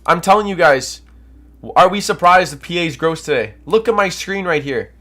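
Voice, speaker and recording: A young Canadian trading streamer, his nose stuffed up from allergies, reads viewer comments and coaches with casual, energetic hype. His voice is high-pitched and moderately paced.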